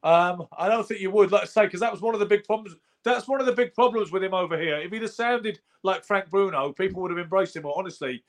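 A man's voice: high voice, fast, hardly any pauses. A British man co-hosting a podcast, arguing his point in a casual, emphatic debate. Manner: argumentative, emphatic. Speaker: podcast co-host.

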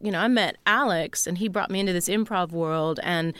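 A woman's voice: fairly low pitch, fairly quick, a bit bright, no room sound. A woman guest on a podcast, talking in a casual, emotional way with many restarts, now and then sounding a bit British. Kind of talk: casual chat.

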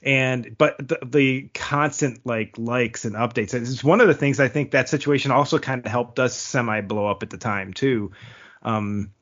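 A man's voice: mid-range voice, fairly even intonation, normal speed, fairly bright tone. A man in his thirties hosting a podcast, chatting casually in rambling stories that he laughs through. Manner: rambling, laughs often between phrases. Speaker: podcast host. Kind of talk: casual chat. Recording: dull lo-fi recording.

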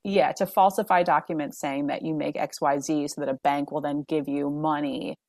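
A woman with a notably low speaking voice hosts a casual podcast chat. She talks in an animated, gossipy way, full of "like" and quick laughs. The recording is dry and close, with no room sound. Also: dry recording. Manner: chatty, animated, frequent laughs and "like". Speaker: podcast host.

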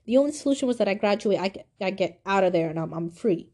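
An eighteen-year-old woman hosting a podcast, telling a personal story in a confiding, animated way. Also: quick pace. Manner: animated, confiding, swings from high to low. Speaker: podcast host.

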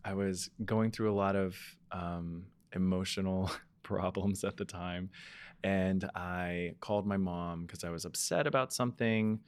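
A man in his thirties talks candidly on a podcast about his past. He is reflective, often pausing on ums, and his voice sits low. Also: steady tone, clear, resonant tone. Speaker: podcast co-host. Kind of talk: casual personal storytelling.

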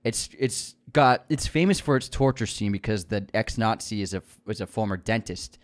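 A man's voice: on the low side, lively intonation, moderate pace. Enthusiastic man chatting about films. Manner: enthusiastic, repeats words when starting sentences. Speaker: podcast co-host. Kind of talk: casual movie chat.

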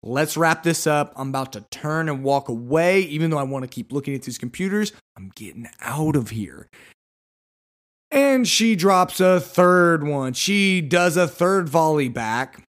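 A podcast host telling a story in a casual, rambling monologue. His voice sits somewhat high for a man, and he tells it with sarcastic, exasperated humor. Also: lively intonation, moderate pace, few pauses.

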